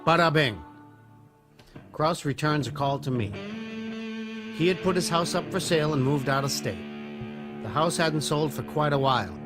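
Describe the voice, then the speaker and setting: Earnest male narrator, dramatic read, guitar music loud behind. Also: fairly high pitch, normal speed, pauses often. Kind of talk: scripted narration.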